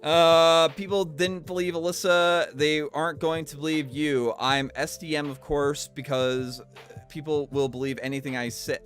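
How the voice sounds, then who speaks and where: A man's voice: on the high side, moderate pace, faint music behind. A man streaming, reading a statement aloud and breaking off for wry comments. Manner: reads flatly, breaks off for wry asides.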